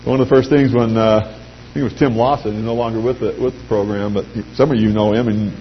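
A middle-aged man giving an anecdotal pitch speech to a live audience, telling lively stories and acting out quoted voices. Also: fast. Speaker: speaker addressing a sales audience. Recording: dull lo-fi recording with faint hum.

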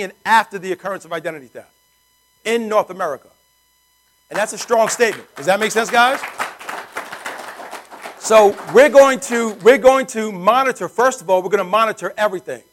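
A man giving an energetic sales pitch to guests in a meeting room, often asking the audience rhetorical questions. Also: rough recording. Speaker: sales presenter.

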